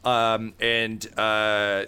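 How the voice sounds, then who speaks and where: Game master, a man with a bright, clear voice, relaxed and full of fillers. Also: on the low side, very slow. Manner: laid-back, many fillers. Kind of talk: narrating a tabletop game. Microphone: video call.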